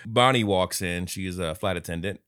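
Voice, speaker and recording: Low-voiced laid-back podcast co-host. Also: male voice, fairly bright tone, clear, resonant tone, no room sound, studio quality. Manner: profane, laughing, retells scenes with quick put-on voices. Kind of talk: casual movie review chat.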